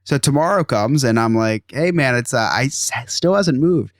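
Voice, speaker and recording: A man's voice: mid-range voice, lively intonation, normal speed, no room sound, clean studio sound. A man in his thirties hosting a podcast, telling an exasperated story in casual chat and acting out quotes. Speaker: podcast host.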